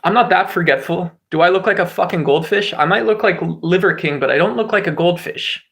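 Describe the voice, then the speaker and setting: A man's voice: sits high, brisk, creaky, fairly bright tone, echoey room. A man hosting a casual livestream chat, rambling with lots of filler words and restarts. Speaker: livestream host.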